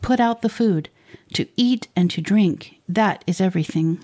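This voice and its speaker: Woman voicing a stern old-fashioned father, mellow and curt. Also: medium pitch, moderate pace, close to an everyday voice. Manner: archaic formal speech. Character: stern dismissive village father, middle-aged man.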